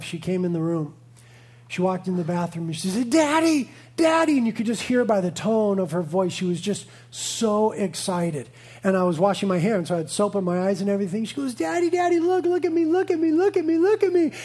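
A pastor in his thirties preaches a sermon, sharing a family story with playful asides and earnest conviction. His voice is high and a little mellow.

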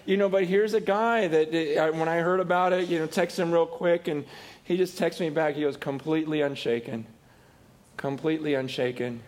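A man's voice: high-pitched, steady tone, normal speed. A man preaching a sermon in a conversational way, often repeating and restarting words as he explains. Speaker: pastor.

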